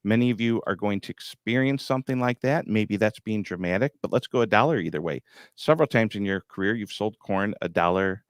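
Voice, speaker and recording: A man's voice: lowish voice, lively intonation, a little fast, no echo, studio quality. A middle-aged man hosting a grain market show, talking bluntly with a teasing edge. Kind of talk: market commentary.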